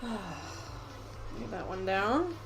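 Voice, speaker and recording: A middle-aged woman hosting a home quilting livestream, chatting casually and rambling, often trailing off into quiet muttering as she works. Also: medium pitch, sing-song, very slow, over music, low-quality recording. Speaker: sewing livestream host. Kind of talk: casual chat while quilting.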